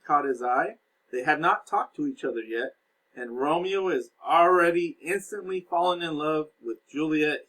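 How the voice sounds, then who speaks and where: A man's voice: fairly high pitch, a bit bright, poor audio. A male teacher casually recapping a play for his students, reading passages aloud and explaining them in plain words. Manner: casual explaining with fillers, reads aloud and paraphrases.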